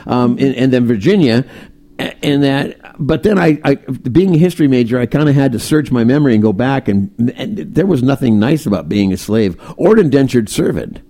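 A man co-hosts a casual chat in a gravelly, dark, mellow voice. He rambles and doubles back on his words, then keeps going in an easy, unhurried way. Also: medium pitch, lively intonation.

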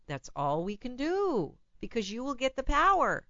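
Woman, radio psychologist host, blunt advice, lively swinging pitch, dry close sound. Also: moderate pace, no echo, muffled recording. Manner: blunt, animated, laughs at her own remarks.

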